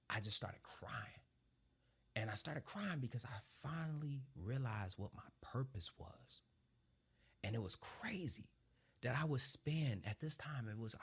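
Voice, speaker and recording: An ex-Marine sergeant in his thirties recounts his story in animated conversation, full of laughs and casual swearing. His voice is medium in pitch and slightly rough.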